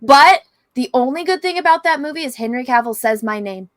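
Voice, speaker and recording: Chatty higher-voiced woman guest. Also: lively intonation, fairly quick, a bit bright. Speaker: podcast guest. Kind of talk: casual chat.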